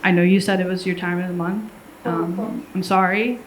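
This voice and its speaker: A woman's voice: on the low side, fairly even intonation, moderate pace, a little hiss or hum, poor audio. A stand-up comedian, a woman from Chicago, talking hesitantly with lots of ums during a live set.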